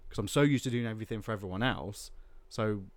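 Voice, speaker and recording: A man's voice: lowish voice, fast, no room sound. A man, a podcast guest talking candidly and rambling, with plenty of filler words. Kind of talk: casual chat.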